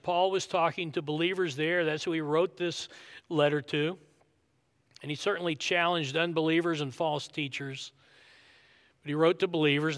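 A man's voice: a little high, fairly bright tone. A man preaching a sermon, earnest and emphatic, repeating his key points. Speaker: pastor.

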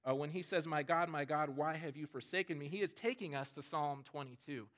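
A male pastor delivering a sermon, earnest and unhurried in his reasoning. His voice sits a little higher than most men's, and he often doubles words as he starts a thought. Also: a bit bright. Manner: earnest, repeats words when starting phrases.

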